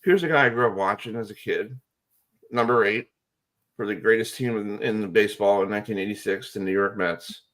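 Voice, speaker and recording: A male sports radio host with a somewhat low voice who tells stories in a loose, rambling way. He gets excited and packs his talk with fillers. The feel is casual call-in radio chat. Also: a little fast.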